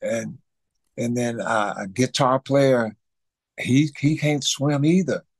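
Slow-talking old storyteller. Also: male voice, mid-range voice, breathy edge, no echo. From Mississippi. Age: 80s. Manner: animated storyteller with repetitions and sound effects. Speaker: guest musician. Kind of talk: storytelling interview.

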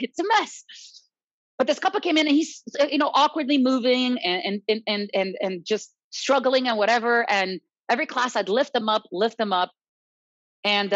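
Female guest, salsa instructor, animated storyteller; muffled, dry sound. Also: on the high side, no room sound. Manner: animated, quotes others, tag questions "right?". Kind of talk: casual storytelling chat. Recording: dull lo-fi dry recording.

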